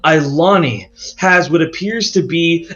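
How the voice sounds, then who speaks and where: Guy running a tabletop game, chatty and rambly, muffled lo-fi audio with soft music behind. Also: a little high. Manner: casual, rambling, quick. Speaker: game master. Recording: dull lo-fi audio with faint music.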